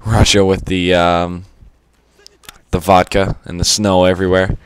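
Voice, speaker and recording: Deep, smooth-voiced man rambling commentary. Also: level tone, unhurried. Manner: rambling, stuttery, frequent fillers; casual, offhand swearing. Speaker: gaming commentator. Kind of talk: unscripted gameplay commentary.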